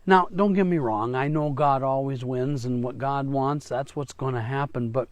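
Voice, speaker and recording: A man's voice: mid-range voice, normal speed, no room sound. A man giving a short devotional message as a church pastor, in a conversational way with small restarts and playful asides.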